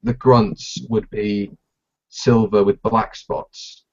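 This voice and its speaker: Low-voiced, halting man co-hosting a podcast. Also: flat delivery, a little mellow, muffled recording. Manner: halting, many fillers and restarts, playful. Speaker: podcast co-host. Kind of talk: casual live podcast chat.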